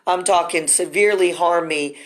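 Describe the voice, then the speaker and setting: A woman's voice: on the low side, moderate pace. A woman recording a video of herself inside an empty construction building, telling her story in an urgent, distressed, rambling way full of asides. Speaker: vlogger recounting personal ordeal. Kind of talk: rambling emotional monologue to camera.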